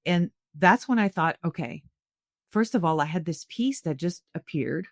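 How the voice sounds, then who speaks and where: A woman's voice: fairly low pitch, moderate pace, dry recording, clean studio sound. Earnest middle-aged Canadian woman telling a story. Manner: earnest, animated retelling with frequent restarts. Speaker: podcast guest. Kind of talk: conversational storytelling.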